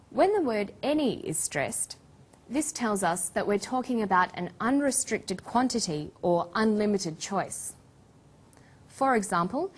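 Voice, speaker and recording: A woman narrates an English lesson in a slow, measured voice. Her delivery is scripted and carefully clear, pitched at a middle height and paced for learners to follow. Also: lively intonation. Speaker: English teacher.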